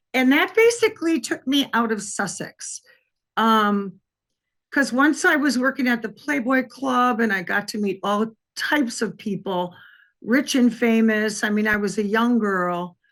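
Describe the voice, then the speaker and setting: A woman in her sixties from Wisconsin, a retired police detective telling her life story in an interview, lively and acting out quoted dialogue. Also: a little high, measured pace.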